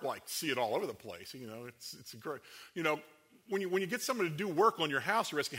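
A man preaching a sermon in a conversational way, full of fillers and restarts, who gets louder and higher when he acts out quoted speech. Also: animated, a little fast. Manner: rises in pitch and volume when acting out quoted speech. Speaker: pastor.

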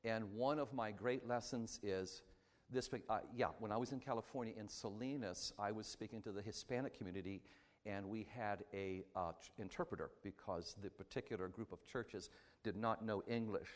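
Fast-talking preacher, low voice. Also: male voice. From Pittsburgh, Pennsylvania. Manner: fast-talking, chatty and joking. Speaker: traveling preacher. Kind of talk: sermon. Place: church sanctuary.

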